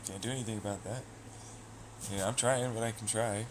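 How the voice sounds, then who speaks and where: A man's voice: fairly low pitch, steady tone, a little fast, noisy background. A man streaming live, chatting loosely with viewers, swearing and trailing off into asides. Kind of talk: casual rambling chat.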